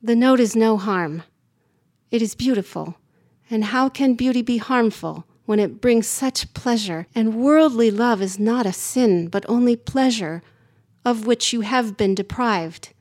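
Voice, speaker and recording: A woman voicing a persuasive tempting devil in a spoken story, coaxing and a bit louder. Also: a little high, a little slow, lightly acted.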